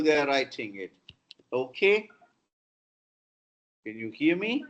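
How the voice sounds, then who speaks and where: Slow Indian English professor drilling vowels. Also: male voice, medium pitch, very animated, faint music behind. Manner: slow, deliberate modelling of sounds. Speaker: professor teaching pronunciation. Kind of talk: online lecture with word drills. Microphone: computer mic on a video call. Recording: dull lo-fi video call audio.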